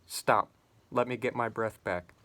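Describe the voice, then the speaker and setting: A spiteful, bitter man of forty, a retired clerk, holds forth in sarcastic bursts, as a man reading a novel aloud puts him on. His delivery is emphatic and slowed, full of declamation. The voice sits in an ordinary middle pitch. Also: steady tone, sharp tone. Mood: bitter, sardonic.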